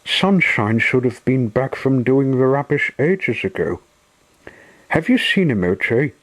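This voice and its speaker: A man voicing a little young tugboat in a storybook, eager and brave, speaking noticeably higher and brighter than a plain reading voice. The voice carries a breathy edge. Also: sing-song, a little slow, exaggerated voice, low-quality recording. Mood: worried.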